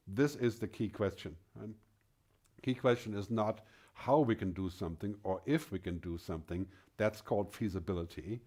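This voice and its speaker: A man's voice: lowish voice, warm tone. A middle-aged man giving a conference keynote, emphatic and fond of rhetorical questions. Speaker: keynote speaker.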